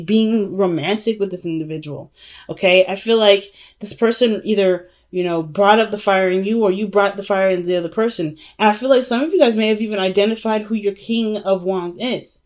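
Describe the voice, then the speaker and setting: A woman's voice: medium pitch, darkish tone. A woman giving a casual tarot reading to her viewers, chatty and emphatic, calling them family and y'all. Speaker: tarot reader.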